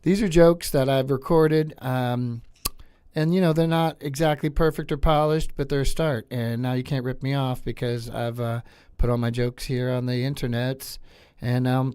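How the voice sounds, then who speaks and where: A man's voice: mid-range voice, steady tone, normal speed, darkish tone, smooth, no echo. Rambling male podcast host. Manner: rambling, filler-heavy. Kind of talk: casual chat. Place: studio.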